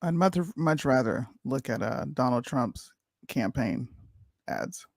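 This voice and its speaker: A man's voice: mid-range voice, animated, gravelly, dry recording. Dry-voiced chatty male stream host. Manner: chatty, opinionated, quick to laugh. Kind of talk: casual live-stream chat.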